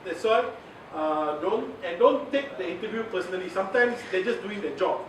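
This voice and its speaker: A man's voice: high voice, animated, normal speed. A man with a Malaysian English accent giving a chatty workshop lecture, laughing often and mixing in Malay words. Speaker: media communication trainer. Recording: echoey, from far off, noisy.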